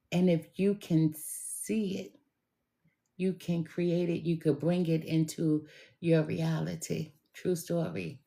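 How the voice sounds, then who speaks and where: A woman tarot reader chatting casually with viewers on a live stream, slangy and quick to laugh. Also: on the low side, creaky.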